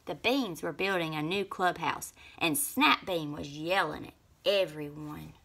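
A woman reading a children's picture book aloud in an expressive way. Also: sits low, unhurried, vocal fry. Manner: expressive, lively. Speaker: storybook reader.

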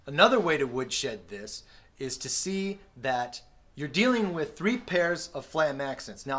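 Friendly man explaining drum patterns. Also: on the high side. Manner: relaxed, friendly explaining with fillers and sung drum sounds. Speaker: drum teacher. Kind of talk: casual instructional talk. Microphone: camera-mounted recorder.

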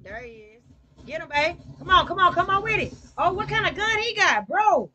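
A woman hosting a livestream, chatting casually and cheering on her teammate with excited, slangy play-by-play. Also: very high-pitched, moderate pace. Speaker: livestream gamer host. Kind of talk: casual gaming chat.

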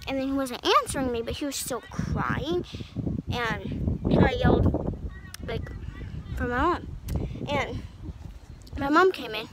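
Teen girl vlogger, high-pitched, chatty and rambling, noticeable background noise. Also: animated, slow, pauses often. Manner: rambling, many "like" fillers. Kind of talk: casual storytime.

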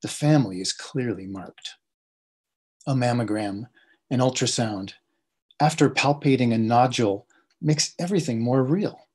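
Brief: male translator at a poetry reading, husky voice, measured recitation. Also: medium pitch, a little mellow.

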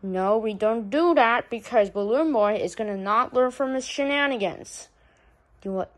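A woman's voice: a little high, moderate pace. A woman performing a comedic plush puppet skit, talking in an exasperated, rambling, complaining way.

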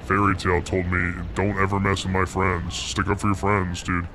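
A young man playing a laid-back slacker God, joking deadpan and rambling while gaming. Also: sits low, normal speed, background noise, lightly acted. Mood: casual. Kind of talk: improvised comedy while gaming.

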